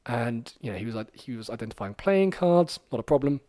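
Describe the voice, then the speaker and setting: A man hosting a podcast, telling a story in a rambling, animated way with lots of fillers. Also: medium pitch, a little fast, no room sound. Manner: rambling and animated, many fillers, acts out quoted lines. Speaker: podcast host.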